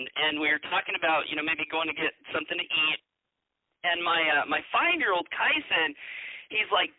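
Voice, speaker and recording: Chatty male host, high voice, retells conversations with lots of restarts, dry tinny line. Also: dry recording. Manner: animated, acts out dialogue, frequent restarts. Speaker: podcast host. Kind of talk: casual personal storytelling. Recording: dry, phone-like narrow sound.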